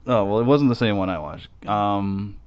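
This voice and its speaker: A man with a lowish voice chats loosely on a podcast, swearing and circling back with filler words. The audio is dull and lo-fi. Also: moderate pace, clean tone. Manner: rambling, profane, frequent fillers and restarts. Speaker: podcast co-host. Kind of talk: casual chat.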